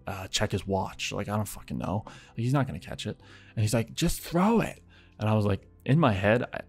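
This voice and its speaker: A man casually telling a story, swearing freely and acting out the people in it with sudden loud bursts. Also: on the low side. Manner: animated, acts out quotes, heavy swearing.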